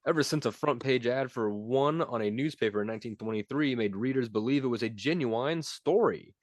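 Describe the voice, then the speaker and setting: A man's voice: mid-range voice, fairly quick, no echo, clean studio sound. A young man co-hosting a podcast, casually and playfully reading out trivia quiz questions and teasing his co-host.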